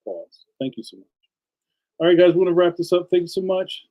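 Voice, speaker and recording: A man's voice: high voice, animated, a little fast, dull audio. A man hosting a casual livestream, chatting enthusiastically and speaking straight to his viewers. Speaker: livestream host and cartoonist.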